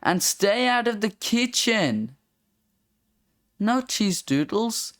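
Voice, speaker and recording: A bossy big sister laying down the rules, as the reader puts her on. The scolding comes slowly and firmly, in a dry, close recording. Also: mid-range voice, very animated, fairly bright tone, no room sound, voice pushed up. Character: bossy older sister, sharp-tongued. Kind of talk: comic strip read-aloud.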